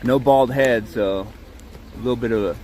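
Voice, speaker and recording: A man's voice: medium pitch, normal speed, a little mellow, slight background noise. A man filming on his phone from inside his truck, recounting a dispute in a heated, profane and rambling way, then arguing with officers. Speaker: campground guest filming a confrontation. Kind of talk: agitated first-person recounting and confrontation. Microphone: phone camera.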